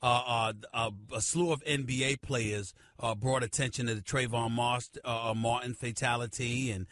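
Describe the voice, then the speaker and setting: A middle-aged man hosting a sports radio show, ranting loudly and emphatically into a studio microphone. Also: medium pitch, fairly even intonation, moderate pace. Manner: loud, emphatic, shouting tirade.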